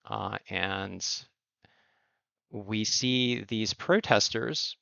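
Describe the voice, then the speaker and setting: A man hosting a surf and climate report, speaking in earnest, emphatic commentary with deliberate phrasing. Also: on the low side, steady tone, vocal fry, sharp tone, dry recording. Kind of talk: impassioned spoken commentary. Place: Outer Banks coast. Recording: dull lo-fi recording.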